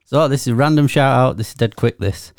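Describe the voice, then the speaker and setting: A man's voice: medium pitch, a little fast, dry recording. Easygoing man, dry close sound. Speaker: podcast co-host. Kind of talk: casual chat.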